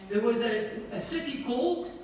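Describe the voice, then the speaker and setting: A man with a high voice preaches a sermon from a distance, his words ringing through a very echoey church hall with a faint hiss behind. He keeps putting questions to the congregation. He swings between loud, emphatic lines and quiet, hushed ones. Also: animated, normal speed. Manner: asks the congregation repeated questions. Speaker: pastor.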